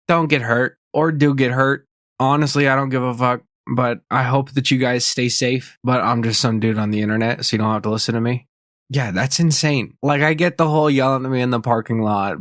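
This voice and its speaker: A young man co-hosting a podcast, telling a story in a blunt, profane, animated way. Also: medium pitch, no echo, studio quality. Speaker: podcast co-host. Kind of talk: casual storytelling rant.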